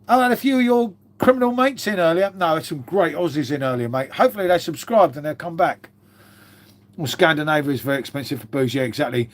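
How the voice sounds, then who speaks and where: This middle-aged man talks fast in a slightly high voice as he goes through viewer comments on a casual live stream. He's coughing and under the weather, but he still rambles, curses, and calls everyone mate.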